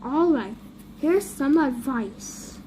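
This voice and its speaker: A gruff, fatherly storybook cat, read by a woman. He hands out advice in a dry, matter-of-fact tone. The voice sits a little lower and is kept plain. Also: expressive, takes it slowly, warm tone, a little hiss or hum.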